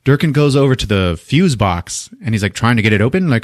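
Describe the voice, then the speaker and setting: A man's voice: mid-range voice, fairly quick, no echo, studio quality. A man hosting a podcast, casually recapping a film with profanity and funny acted-out voices. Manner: animated, profane, acts out scenes with funny voices. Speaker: podcast host. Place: podcast studio.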